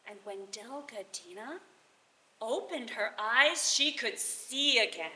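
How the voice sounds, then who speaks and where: A woman tells a folk tale live, animated and chuckling between lines. Her voice is high, bright and lively, her pace unhurried. The roomy hall adds echo. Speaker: storyteller. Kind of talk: live oral storytelling. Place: bardic gathering hall.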